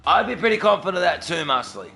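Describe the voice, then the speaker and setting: A man's voice: sits high, very animated, fast talker, gravelly, sharp tone, faint music behind. A young Australian man with an Australian accent, chatting casually with viewers on a livestream and answering them by name. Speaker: streamer.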